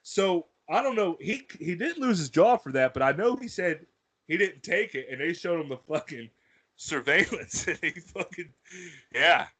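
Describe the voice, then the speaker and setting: Guy with a kinda high bright voice, swearing nonstop, animated story mode. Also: normal speed, breathy edge. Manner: profane, animated, laughs through his stories. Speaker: podcast co-host. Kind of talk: casual storytelling chat.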